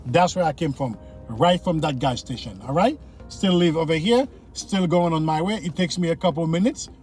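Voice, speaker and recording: Faint music plays behind a man whose voice is a little high and a little mellow, delivered at normal speed. He's a driving instructor narrating a casual in-car lesson through city traffic, talking straight to viewers, repeating himself and making sure they keep up.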